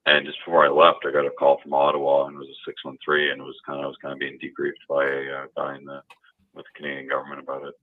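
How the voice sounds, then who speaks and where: A man with an extremely low, booming voice calls in to a talk show and tells his story. He rambles, with plenty of fillers and restarts. His voice comes through a thin, tinny phone line. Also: monotone, quick pace. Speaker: caller. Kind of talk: telling a personal story on a call-in show.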